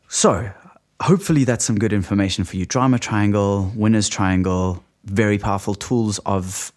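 A man hosting a solo podcast, explaining ideas in a relaxed, reflective way. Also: fairly low pitch. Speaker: podcast host.

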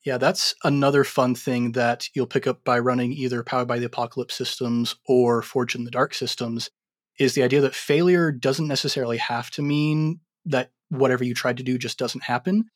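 A man who runs tabletop games, explaining his approach in a relaxed podcast chat. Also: medium pitch, moderate pace, no echo, clean studio sound. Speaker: game master.

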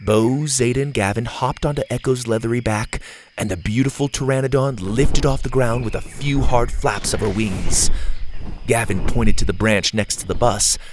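A man narrating a children's adventure story with an animated, expressive reading. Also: medium pitch, normal speed, slight background noise.

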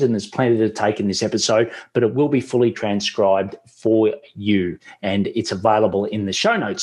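An Australian man hosts a podcast, talking in a chatty, enthusiastic manner. His voice is husky and sits at a mid pitch. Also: darkish tone. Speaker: podcast host. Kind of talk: casual podcast hosting.

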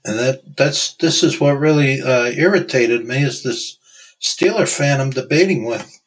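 Regular-pitched guy, easygoing football talk, lots of "you know". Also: poor audio. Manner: measured, conversational, uses fillers like "you know". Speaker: podcast co-host. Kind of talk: casual sports chat.

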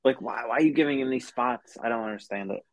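A man co-hosting a casual podcast, quick to laugh and often restarting his sentences with stammers. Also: mid-range voice, no echo. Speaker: podcast co-host. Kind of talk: casual wrestling podcast chat.

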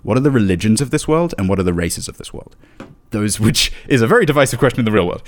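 A man, a tabletop game master, talking as a podcast guest in a casual, animated way, rambling and laughing often. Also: on the low side, quick pace. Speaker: guest, dungeon master of a tabletop actual-play show. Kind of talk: casual podcast interview chat.

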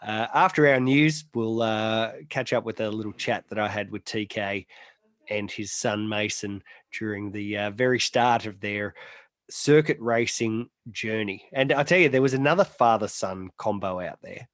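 A man's voice: on the low side, moderate pace, a bit bright, no echo, clean studio sound. An Australian man hosting a motorsport podcast, chatty and teasing, reading sponsor plugs between banter. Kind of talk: casual chat.

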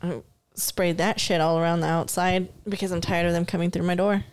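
A woman co-hosting a casual chat podcast, relaxed and swearing freely. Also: lowish voice, fairly quick, smooth. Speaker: podcast co-host.

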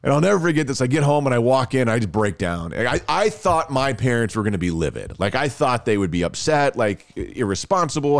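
A man, hosting a podcast and telling a story in a casual, animated way, laughing often and restarting phrases. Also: mid-range voice, fairly quick, gravelly, hardly any pauses, dry recording, studio quality. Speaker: podcast host.

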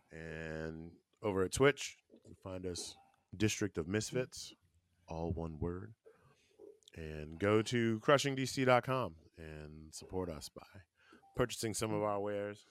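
A man co-hosting a loose, joking podcast, later reading out the show's plugs in a relaxed way. His voice sits low. The recording is dry, with no room sound. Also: smooth, no echo. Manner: laid-back, joking, reads off show plugs. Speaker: podcast co-host. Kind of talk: casual chat, show plugs.

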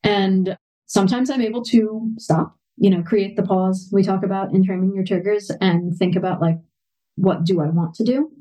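A woman's voice: mid-range voice, fairly even intonation, normal speed, dark tone, rough recording. A woman in her thirties, a parent and podcast guest, speaking reflectively in a candid interview, often saying "you know.".

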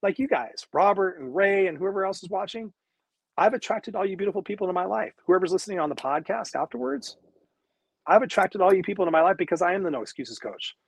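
Husky emphatic male motivational coach. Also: sits high, animated, fast talker, no room sound. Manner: emphatic, profane, preachy repetition. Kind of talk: live-streamed motivational talk. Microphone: wireless earbuds.

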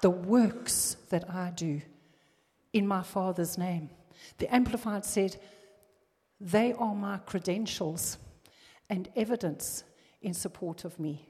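A woman's voice: mid-range voice, takes it slowly, dark tone, husky. Fervent woman preaching in a reverberant hall. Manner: emphatic, rising to fervent exhortation. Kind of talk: sermon.

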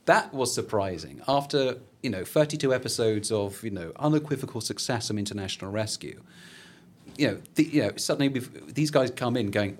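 Animated man doing chatty podcast talk. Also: mid-range voice, fairly quick. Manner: animated, acts out characters' lines in funny voices. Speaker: podcast guest. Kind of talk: casual chat.

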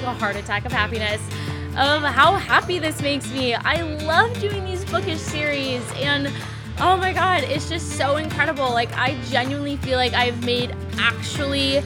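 Gushing high-voiced woman podcast host. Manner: gushing, effusive. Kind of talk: casual chat.

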